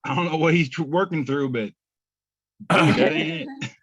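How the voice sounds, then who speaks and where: A man's voice: on the high side, normal speed, breathy edge, dry recording. A man co-hosting a podcast, reading memes aloud in a laid-back, chuckling, self-deprecating way. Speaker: podcast co-host. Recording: slightly muffled dry podcast audio.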